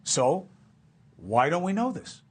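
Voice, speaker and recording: A man hosts a TV news interview with a fairly high voice. He asks direct, pressing questions and moves briskly between guests. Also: sing-song, breathy edge. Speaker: TV news host.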